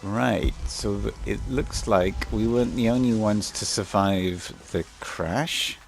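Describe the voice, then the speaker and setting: A man's voice: lowish voice, slow pace, gravelly, slight background noise. A man giving casual, rambling gameplay commentary, hesitant and full of fillers.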